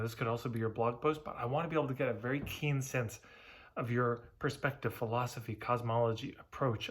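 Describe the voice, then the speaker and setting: A man with a husky, slightly breathy voice talks straight to camera, sharing marketing advice. His delivery is candid and conversational, with emphatic stresses. His pitch sits in an ordinary middle range. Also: fairly bright tone. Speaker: marketing coach. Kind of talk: casual advice talk to camera.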